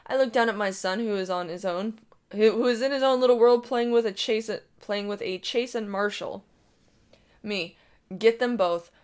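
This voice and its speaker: A woman's voice: fairly high pitch, normal speed, clean tone. A woman reading a first-person online story aloud in a brash, profane storytelling manner. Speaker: story reader.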